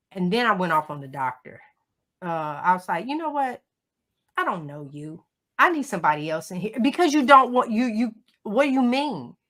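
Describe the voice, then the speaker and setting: Bright-voiced woman telling a grief story. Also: on the low side. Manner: emotional, animated storytelling with Southern turns of phrase. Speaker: guest. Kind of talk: personal storytelling. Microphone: livestream call.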